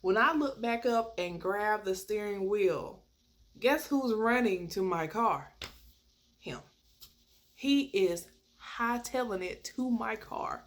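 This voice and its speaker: A woman telling a personal story in a casual, animated way, laughing as she goes and jumping high when she acts out quoted lines. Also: takes it slowly. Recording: faint background noise.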